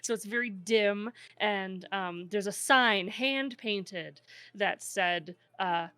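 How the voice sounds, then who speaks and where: A woman's voice: mid-range voice, slow pace, sharp tone, smooth, no echo, soft background music. Laid-back woman game master. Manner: chatty, laughs often, loose filler-heavy narration. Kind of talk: narrating a tabletop game.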